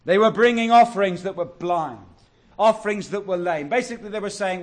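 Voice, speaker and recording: A man preaching a sermon, earnest and exhortative, drawing out key words slowly. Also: high voice. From England.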